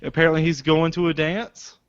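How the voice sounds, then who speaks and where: A man co-hosting a podcast in casual, joking chat, with loud bursts of laughter. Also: on the high side, flat delivery, fairly quick. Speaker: podcast co-host. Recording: dry, slightly dull podcast audio.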